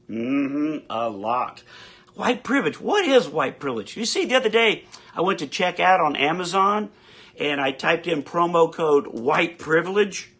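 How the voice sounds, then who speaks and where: A man in his fifties delivers a comic rant into a phone live stream. His voice sits high and cuts through brightly. He swears often, trips over his restarts, and keeps boiling back up to anger. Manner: angry ranting, swears, stammering restarts. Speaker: livestream ranter.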